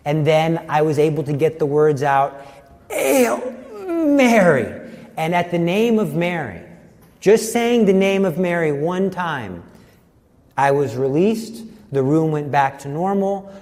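A man's voice: on the high side, measured pace. Earnest man telling his testimony in a hall. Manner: earnest, vivid storytelling with lively shifts. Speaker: speaker giving a personal faith testimony. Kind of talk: personal testimony talk.

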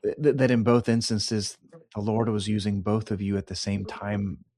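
A man hosting a faith interview, measured and affirming as he responds to his guest. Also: on the low side, flat delivery, a little mellow, dry recording. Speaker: host.

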